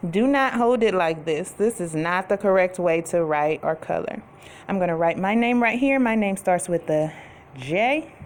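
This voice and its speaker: A woman teacher talks young children through a worksheet in a recorded lesson. She speaks slowly and clearly, in an unhurried, mid-pitched voice, stretching out each letter sound. A faint hiss sits under the recording. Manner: slow, clear, patient, drawing out letter sounds.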